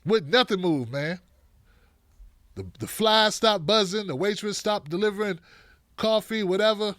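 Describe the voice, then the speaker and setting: A man hosting a live online show, greeting viewers by name in a casual, playful way, with a dry throat that he keeps clearing. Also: high voice, a little slow, no echo. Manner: lively and animated, playful asides to viewers.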